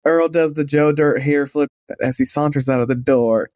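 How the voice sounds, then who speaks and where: A man's voice: a little high, normal speed, darkish tone, no room sound, studio quality. A man playing a tabletop role-playing game, talking in an eager, rambling way. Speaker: player. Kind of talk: tabletop role-play chat.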